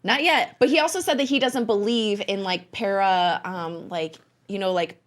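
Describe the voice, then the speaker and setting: A woman's voice: mid-range voice, normal speed. A woman co-hosting a podcast, chatting casually in a studio. She rambles and fills her sentences with "like" and "um". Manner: rambling, many fillers. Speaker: podcast co-host. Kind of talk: casual chat.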